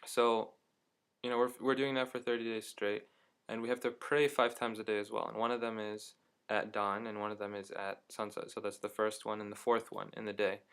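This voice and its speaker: A young man casually telling a story to his camera at home, chatty and animated, with many fillers. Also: on the low side, a little fast, gravelly, clear, resonant tone. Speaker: vlogger.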